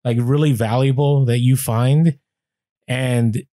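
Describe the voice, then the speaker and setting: A man with a Latino accent co-hosting a casual podcast, speaking in a relaxed, conversational way. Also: mid-range voice, slow pace, dry recording, studio quality. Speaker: podcast co-host.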